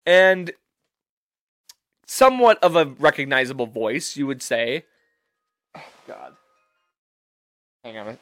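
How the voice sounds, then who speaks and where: A man's voice: mid-range voice, slow pace, long pauses, no echo, clean studio sound. A man hosting a podcast, ranting casually and swearing freely as he works himself up. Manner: animated, swears freely, talks himself into outrage. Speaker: podcast host.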